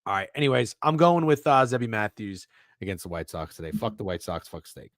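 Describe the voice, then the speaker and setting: A man's voice: lowish voice, fairly quick, dry recording, clean studio sound. A man co-hosting a casual sports betting chat, rambling and swearing freely. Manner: profane, animated, rambling. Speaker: podcast co-host.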